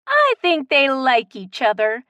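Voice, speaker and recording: A woman voicing a giddy older woman who plays matchmaker, talking high and pleading. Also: wildly swooping pitch, measured pace, bright, forceful tone, no room sound, highs cut off, full character voice. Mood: eager.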